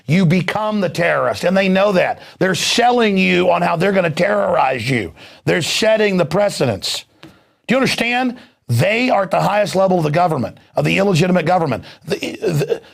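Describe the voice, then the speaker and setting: A male talk show host delivering an angry, heated political rant, mocking and shouting at times. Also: high-pitched, gravelly.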